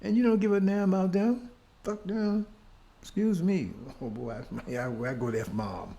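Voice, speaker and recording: A man's voice: a little high, fairly even intonation, normal speed, gravelly, warm tone, highs cut off. An older man giving a fiery lecture, pounding on repeated rhetorical questions and swearing now and then. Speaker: speaker on history. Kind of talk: impassioned street-style lecture.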